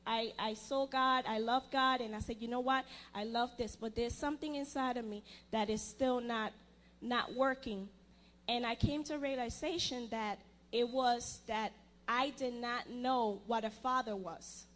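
A young woman giving a personal testimony in church, earnest and halting, often restarting her sentences. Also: a little high, fairly even intonation, fairly bright tone.

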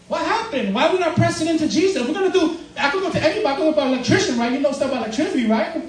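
Fast-talking pastor in an echoey church. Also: male voice, very high-pitched, expressive. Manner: casual, joking, laughs often while preaching. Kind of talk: sermon. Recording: roomy, distant mic with faint noise.

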